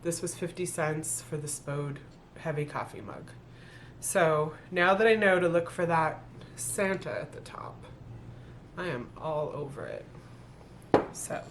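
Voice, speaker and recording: A middle-aged woman with a lowish voice talks casually through her thrift finds. She thinks aloud and corrects herself as she goes. A faint room hiss sits underneath her voice. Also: a bit bright. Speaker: thrift reseller vlogger. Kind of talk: casual haul video talk.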